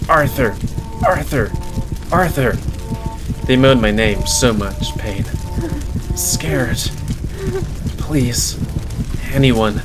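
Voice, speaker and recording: A man hosting a let's play, reading a visual novel aloud dramatically and then chatting casually. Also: fairly low pitch.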